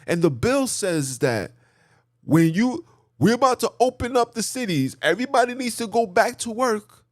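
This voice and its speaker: Lively, fired-up male commentator. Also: high voice, moderate pace, no room sound, studio quality. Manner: preachy, repetitive, rhetorical; mocking asides. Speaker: channel host. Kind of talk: impassioned political commentary.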